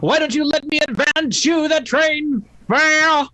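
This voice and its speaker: A man's voice: very high-pitched, unhurried, pushed and bright, no echo. A man reading a lawyer's lines with wry jokes at a comedy table read.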